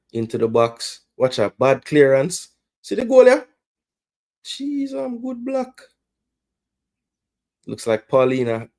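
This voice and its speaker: A man with a Jamaican accent hosting a fan watch-along, reacting live to the match and yelling instructions at the players. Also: lowish voice, creaky. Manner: swings between loud cries and muttered groans.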